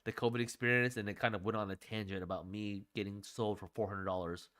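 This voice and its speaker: A man's voice: on the low side, fairly even intonation, quick pace, fairly bright tone. A man co-hosting a casual livestream show, rambling, often talking to chat and laughing. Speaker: podcast co-host.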